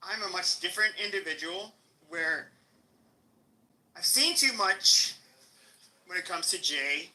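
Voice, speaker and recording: A man's voice: high voice, unhurried, long pauses, bright, forceful tone, rough recording. A man with an American accent hosting a live podcast stream, taunting and cursing at a rival in a heated rant. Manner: aggressive, taunting, profane. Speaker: podcast host.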